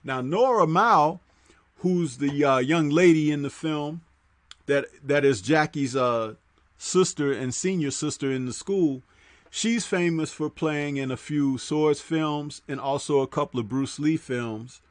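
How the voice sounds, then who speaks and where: Recorded with no room sound, this host speaks at an unhurried pace on his laid-back livestream. He's conversational and full of fillers, reads chat comments aloud, and lowers his voice for asides.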